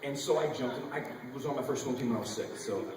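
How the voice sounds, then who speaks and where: A man telling a wild story on a convention panel, animated and profane. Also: medium pitch, quick pace. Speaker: panel guest actor. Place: large convention hall. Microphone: audience camera far from stage. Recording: echoey hall recorded from far off with noise.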